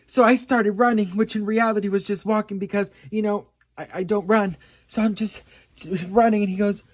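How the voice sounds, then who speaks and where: A man's voice: sits high, brisk, no echo. A man telling a comic story in a theatrical, flustered way, switching into voices. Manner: theatrical, nervous, flustered retelling. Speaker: host.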